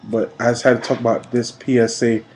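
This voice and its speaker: A man in his late thirties from New York, giving an emphatic, preachy personal video message that swings between quiet and loud. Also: medium pitch, flat delivery, brisk, soft background music, poor audio. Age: 30s. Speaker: vlogger.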